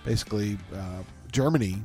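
A man's voice: on the low side, brisk, warm tone, faint music behind. A man co-hosting a casual podcast, joking around and laughing often as he tells stories. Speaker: podcast co-host.

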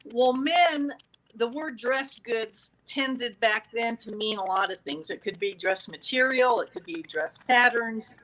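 The audio is poor as a woman with a fairly high pitch relates a true-crime story in casual talk, speaking a little slowly. She is animated and acts out the exchanges quoted from the record.

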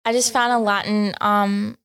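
A young woman co-hosting a casual faith podcast, talking in a chatty, reflective way with plenty of fillers and restarts. Her voice sits at a middle pitch. The sound is dry and close, with no room around it. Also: little pitch movement, moderate pace, fairly bright tone, clear, resonant tone, no echo. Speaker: podcast co-host.

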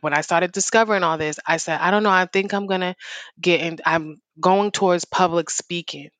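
A woman's voice: low-pitched, fairly bright tone, no echo. A woman speaking as a guest on a faith podcast, open and heartfelt, laughing easily.

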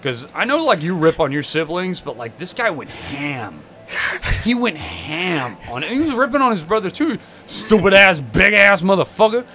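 A man's voice: high-pitched, moderate pace, a little hiss or hum. A man co-hosting a podcast, telling stories in a casual, profane way and acting out the people he quotes. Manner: animated, profane, acts out every quote. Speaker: podcast co-host. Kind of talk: casual storytelling chat.

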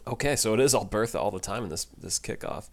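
A man's voice: fairly low pitch, expressive, fast. A man co-hosting a podcast, chatting casually and laughing easily, with frequent restarts. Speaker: podcast co-host. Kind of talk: casual chat.

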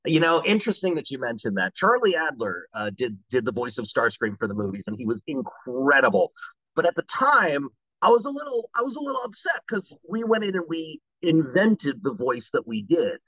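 A man, a voice actor, telling animated and jokey stories in an interview. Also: on the high side, fairly quick, no room sound, dull audio. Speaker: voice actor guest. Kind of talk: anecdotal interview talk.

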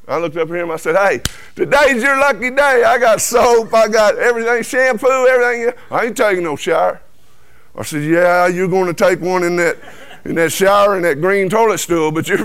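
A man's voice: fairly high pitch, clear, resonant tone. Folksy man telling his testimony. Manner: animated storyteller who acts out quoted dialogue. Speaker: guest giving testimony. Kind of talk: folksy personal testimony storytelling. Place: truck cab.

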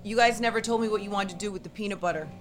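A woman's voice: mid-range voice, racing, over music. A woman co-hosting a casual chat, laughing often and swearing freely. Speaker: podcast co-host.

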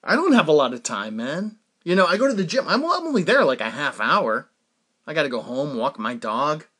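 A man in his forties hosts his own podcast and talks alone in a loose, rambling way. His pitch swings widely as he tells a story, and he fills the gaps with "like" and "you know" and laughs at his own tales. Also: brisk. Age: 40s. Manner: rambling, animated storytelling with frequent fillers and laughs. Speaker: podcast host. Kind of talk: casual solo monologue.

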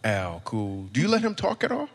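A man's voice: mid-range voice, wildly swooping pitch, moderate pace, big-room sound, heavy background noise. A man doing stand-up comedy, chatting and joking with audience members in a loose, teasing way. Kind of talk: stand-up crowd work.

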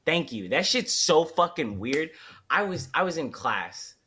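A man's voice: on the high side, big pitch swings, measured pace, sharp tone, husky. A man in his twenties co-hosting a podcast, ranting in loose, profane slang during a casual chat. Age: 20s. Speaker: podcast co-host.

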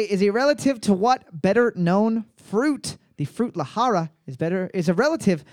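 A man's voice: high-pitched, expressive, moderate pace, few pauses, no room sound, studio quality. A man hosting a live trivia night, cracking jokes and repeating each question. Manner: joking, reads questions twice, swears freely. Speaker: trivia host.

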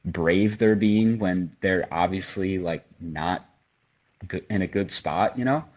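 A man's voice: deep voice, slow pace, a little mellow, muffled recording. A young man on a podcast, casually telling a long story with lots of "like" and "you know". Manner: storytelling, heavy filler words. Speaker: podcast co-host. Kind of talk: casual chat.

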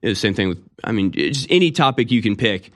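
A man's voice: fairly low pitch, lively intonation, fast talker. A man delivering an opinionated, sarcastic monologue with rambling restarts. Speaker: commentator.

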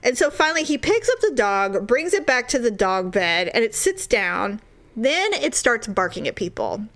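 A woman casually telling a story, exasperated and animated, acting out the people in it. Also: on the high side, normal speed. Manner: animated, exasperated, acts out voices.

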